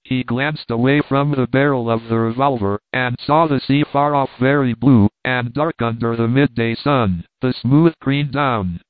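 A man narrating a classic novel aloud in a steady, measured way. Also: medium pitch, dry recording. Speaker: audiobook narrator. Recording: tinny phone-like line, dry.

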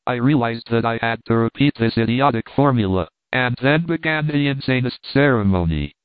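A man reading a story aloud as scripted narration, in a steady, measured way. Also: mid-range voice, smooth, no room sound. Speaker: audiobook narrator. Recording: tinny phone-like dry recording.

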